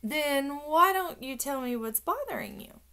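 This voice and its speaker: A woman voicing a calm, patient male school principal in an audiobook. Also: sits high, unhurried, pitched above the performer's own voice, heavily acted. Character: stern deep-voiced male school principal.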